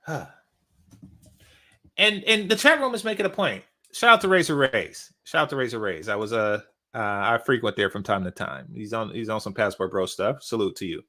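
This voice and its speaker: A man's voice: on the low side, expressive, normal speed, bright, forceful tone. A man hosting a reaction commentary, ranting and mocking, repeating his points for emphasis. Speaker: commentary channel host.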